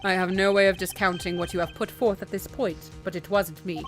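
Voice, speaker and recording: A woman voicing a composed, formal male prosecutor, speaking lower and in a measured, formal way. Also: fairly even intonation, soft background music, lightly acted.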